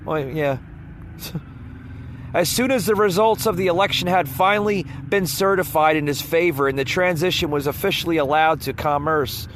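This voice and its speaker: A man with a voice a bit above the usual pitch talks through a podcast episode in a loose, rambling way. He trips over his words, chuckles, and turns scoffing and opinionated. Faint car noise passes behind him. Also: normal speed, fairly bright tone. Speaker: podcast host. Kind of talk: casual political commentary. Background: faint car noise passing by.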